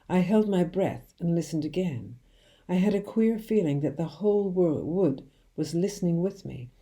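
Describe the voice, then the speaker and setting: A woman reads a children's novel aloud in a slow, hushed storytelling manner. Her voice sits low and sounds mellow and warm, never sharp. Every line is paced to draw the listener in. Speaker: children's book reader.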